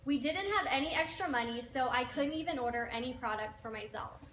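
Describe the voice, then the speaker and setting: A woman in her twenties telling her personal story of overcoming hardship, earnest and steady, as a member of a direct sales team. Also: sits high, fairly quick, recorded from a distance. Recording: echoey room with background noise.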